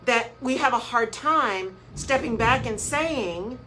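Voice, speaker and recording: A woman with a slightly high voice hosts a live radio talk show with a faint hum of noise behind her. She speaks emphatically, driving her points home by repeating phrases in a preacher-like cadence. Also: animated, slow pace, sharp tone, rough recording. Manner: greets listeners by name mid-talk.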